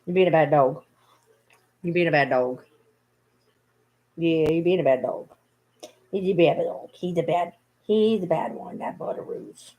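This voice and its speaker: A woman's voice: deep voice, a little slow, long pauses, muffled recording. A woman vlogging casually at home, playfully scolding her dogs in a baby-talk tone. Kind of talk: casual vlog chat.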